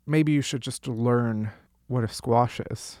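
A man's voice: medium pitch, takes it slowly, darkish tone, no room sound, clean studio sound. A man hosting a casual comedy news roundup, sarcastic and profane, laughing often. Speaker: comedy podcast host.

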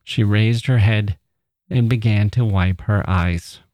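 Low-voiced man reading a story, dry sound. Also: slow pace, darkish tone, dry recording. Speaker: podcast host reading a short story.

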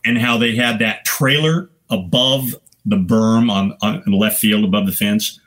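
An older man, a guest photographer, telling casual stories in a lively raconteur's way, swearing freely. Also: fairly low pitch, a little slow. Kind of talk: casual anecdotal storytelling.

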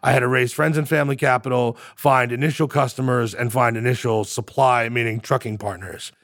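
A man's voice: medium pitch, fairly quick, no echo, studio quality. A man, a startup founder, telling his story in a casual interview with stumbling restarts and acted-out quotes. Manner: animated, acts out quoted voices, stumbling restarts.

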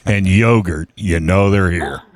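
A man's voice: low-pitched, unhurried, no echo. A man co-hosting a radio talk show, dropping wry, joking asides. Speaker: radio co-host.

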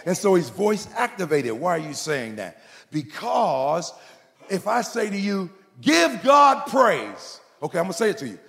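A man's voice: high voice, creaky, long reverb tail. A middle-aged male pastor preaching a sermon, telling playful stories and calling out to the congregation. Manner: folksy preacher, playful storytelling, calls out to the congregation.

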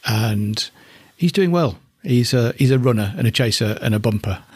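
A man's voice: medium pitch, lively intonation, normal speed, darkish tone, breathy edge, no echo. A middle-aged man from northeast England who keeps alpacas, chatting casually and fondly about them as he thinks aloud. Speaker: alpaca keeper. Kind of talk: casual spoken commentary.

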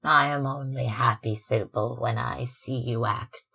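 A man's voice: mid-range voice, steady tone, measured pace, creaky, pushed and bright, husky, heavily acted. A man reading aloud, voicing a tired, anxious older mother with a fretful, scolding tone.

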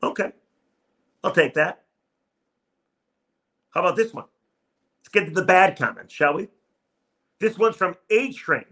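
A man's voice: high-pitched, animated, measured pace, pauses often, pushed and bright. A man hosting a solo sports podcast, reading listener comments in a wry, self-mocking way.

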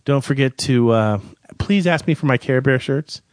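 A man's voice: mid-range voice, normal speed, no echo. A man hosting a casual podcast, teasing his co-host with dry humor. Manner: dry, teasing, wraps up the show.

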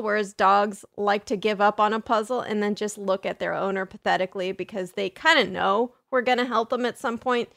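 A woman's voice: medium pitch, creaky, a bit bright. A young woman hosting a podcast, chatting casually and self-deprecatingly with plenty of fillers as she answers listener questions. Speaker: podcast host.

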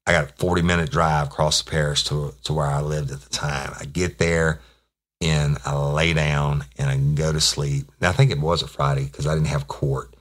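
A man's voice: rumbling low, a bit bright. A middle-aged man, a former police officer hosting a podcast and telling a story in a profane, rambling, laid-back way. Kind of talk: casual storytelling.

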